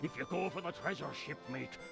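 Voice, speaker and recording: An actor playing a gruff, boastful old male pirate barkeep in a video game, speaking in salty pirate slang with a gravelly drawl. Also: a little high, a little fast. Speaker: game character. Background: game music.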